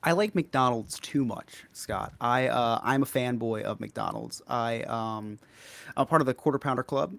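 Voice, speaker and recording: A man's voice: medium pitch, a little slow, gravelly, fairly bright tone. A man on a podcast, talking hesitantly with many restarts and fillers. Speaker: podcast co-host. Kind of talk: casual chat.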